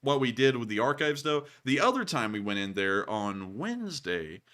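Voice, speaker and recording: Bright-voiced male livestream host. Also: medium pitch, sing-song, normal speed. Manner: rambling, many filler sounds. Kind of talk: casual livestream chat.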